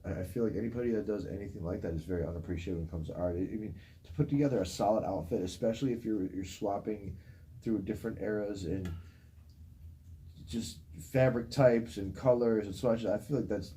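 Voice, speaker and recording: Fast-talking man hosting radio. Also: on the low side. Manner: animated, laughs, does quick voices in stories. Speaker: radio show host. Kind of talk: casual radio chat. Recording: faint ambient noise.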